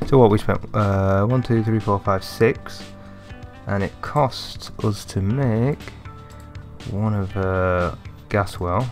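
A young man giving chatty let's-play commentary, thinking aloud and getting excitable. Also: lowish voice, slow pace, faint music behind. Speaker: gaming commentator.

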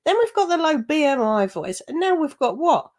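A woman's voice: high voice, very animated, normal speed, darkish tone. A woman hosting a reaction commentary channel, talking in a blunt, scornful, chatty way with frequent laughs.

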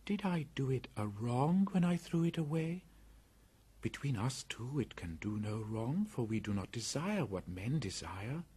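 A man's voice: mid-range voice, measured pace, husky, voice pushed up, heavily acted. Mowgli, a man doing a fierce jungle boy. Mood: earnest. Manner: lively, commanding boy's voice.

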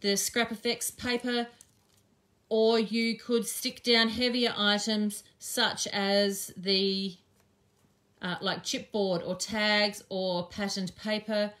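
A woman's voice: medium pitch, fairly even intonation, slow, fairly bright tone. An Australian woman chatting and thinking aloud with frequent ums as she teaches a live craft demonstration. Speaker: craft teacher and shop owner.

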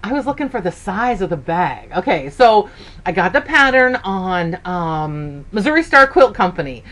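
A sewing vlogger in her fifties chats casually, telling stories at a moderate pace in a fairly bright voice full of "okay"s. Her pitch swings widely, jumping up sharply whenever she acts out a quoted line.

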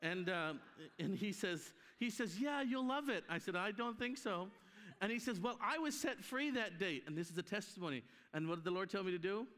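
This guest preacher has a high-pitched, brisk voice and delivers an animated sermon at a conference, acting out the voices of the characters in his stories. The live stream sound was captured in a church hall with long reverb.

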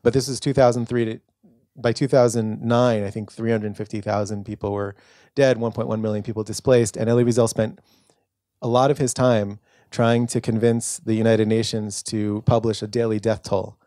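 Low-voiced man answering at a book talk. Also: flat delivery, normal speed, dark tone, dry recording, clean studio sound. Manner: earnest, storytelling, frequent fillers and restarts. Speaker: author and lecturer at a book talk. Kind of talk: answering audience question. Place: bookstore event room.

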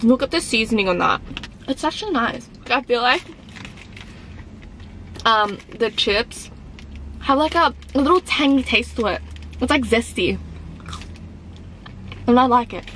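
A woman's voice: on the high side, animated, unhurried, pauses often, a bit bright, slight background noise. A woman chatting casually to her viewers from inside a car, giggly and easily flustered. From Australia. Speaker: vlogger. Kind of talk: casual vlog. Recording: background music under the voice.

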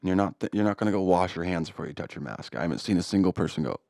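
Blunt, cursing young man, low voice. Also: lively intonation, racing, creaky, a little mellow, no echo, studio quality. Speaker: podcast co-host. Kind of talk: casual chat.

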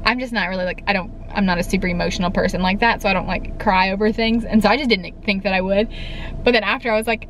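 A young woman, chatting excitedly in a casual vlog, says "like" a lot. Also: fairly high pitch, fast talker, slight background noise, poor audio. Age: young adult. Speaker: vlogger. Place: in and around a car, partly outdoors in wind.

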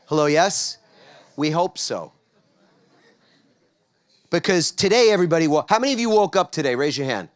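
Animated middle-aged man giving a motivational talk. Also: fairly high pitch, brisk, pauses often. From New York. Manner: animated, coaxes the audience to answer back. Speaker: speaker. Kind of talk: motivational talk to a live audience.

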